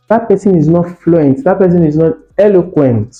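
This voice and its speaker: A man's voice: fairly high pitch, fairly quick, few pauses, echoey room, highs cut off, faint music behind. A man teaching an exam-prep English lesson, demonstrating stress and rising tones and asking his students questions. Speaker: English tutor.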